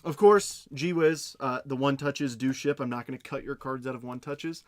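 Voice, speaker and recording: A man hosting a live card-breaking stream, reading off pulls quickly and chatting with his viewers. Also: medium pitch, little pitch movement. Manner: rapid rundown of cards, chatting with viewers.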